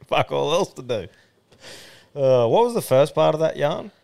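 A man's voice: fairly high pitch, very animated, unhurried, vocal fry, a little mellow. A man co-hosting a crude, laughing casual chat, swearing a lot. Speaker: podcast co-host.

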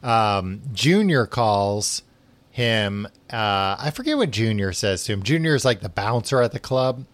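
A man's voice: fairly low pitch, animated, a little slow, no room sound. A man hosting a book podcast, recapping chapters in a rambling, filler-heavy way while tired and yawning. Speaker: podcast host. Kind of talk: casual book recap chat.

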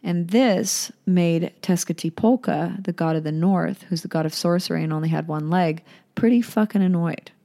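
A woman's voice: fairly low pitch, normal speed, dark tone. Irreverent young woman retelling myths. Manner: irreverent, swearing, chatty asides. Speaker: storyteller. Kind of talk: casual myth retelling.

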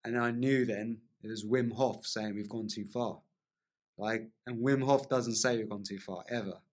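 A man's voice: medium pitch, steady tone, moderate pace. A man, a podcast guest, vividly telling a personal story in casual conversation, laughing often and leaning on lots of "like" fillers.

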